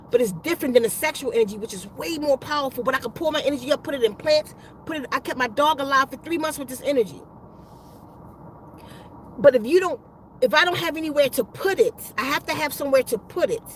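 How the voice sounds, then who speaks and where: High-voiced woman, casual storyteller, loose and profane, circles back mid-sentence. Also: slight background noise, poor audio. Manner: rambling and profane, with restarts and slang. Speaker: spiritual vlogger.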